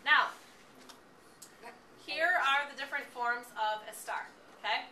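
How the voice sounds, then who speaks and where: A woman's voice: high voice, measured pace, pauses often, pushed and bright. A woman teaching a classroom lesson, encouraging and often checking that the class understands. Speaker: Spanish teacher. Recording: echoey classroom from far off, background noise.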